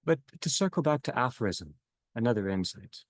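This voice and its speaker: A man leading a reflective theological discussion, speaking slowly in halting phrases that trail off softly at their ends. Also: mid-range voice, lively intonation, no room sound. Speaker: discussion leader.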